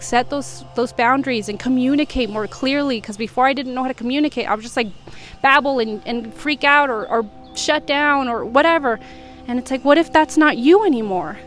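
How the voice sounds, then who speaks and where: A young woman from the United States, talking through her feelings in a rambling, reflective confessional vlog from her home in Vietnam. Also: sits high. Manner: reflective, rambling, soft-spoken. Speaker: vlogger. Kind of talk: emotional confessional monologue.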